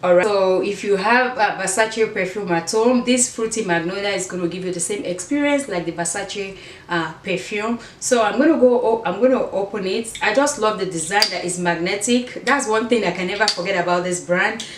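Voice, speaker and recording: A woman's voice: medium pitch, moderate pace. Woman with African accent, casual vlog chat, rambling, roomy echo, mic set back from her. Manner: chatty and meandering, with frequent restarts. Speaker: fashion and beauty vlogger. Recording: echoey room, mic at a distance.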